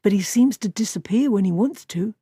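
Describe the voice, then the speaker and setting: An earnest young farmhand, anxious and stubborn, his voice set clearly higher than the reader's own. A woman reads him in an audiobook. He presses his point in an urgent, insistent way. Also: animated, a little fast, warm tone, no room sound, clean studio sound.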